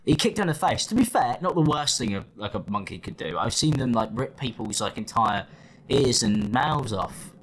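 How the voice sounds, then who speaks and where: Sarcastic man with a lively voice. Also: medium pitch, normal speed, slight background noise. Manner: sarcastic, theatrical, mock-whiny. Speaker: host. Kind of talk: reaction commentary.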